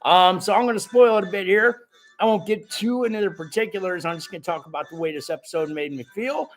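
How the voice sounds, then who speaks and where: A man's voice: high voice, fast talker, soft background music. A man hosting a live stream, chatting casually and jokingly with his viewers and reading out their comments, his voice cracking a little. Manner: animated and jokey, talks straight to the viewers.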